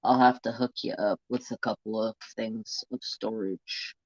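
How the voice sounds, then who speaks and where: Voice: medium pitch, steady tone, moderate pace, husky, no room sound. A crafting live-streamer chatting casually and rambling to viewers and a pet at home. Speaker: crafting livestream host. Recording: dull lo-fi home stream audio.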